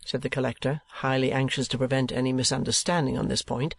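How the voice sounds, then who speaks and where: A man narrating an audiobook in a steady, even reading voice. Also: mid-range voice, fast talker, vocal fry, few pauses, slightly rough, no echo. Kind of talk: scripted narration.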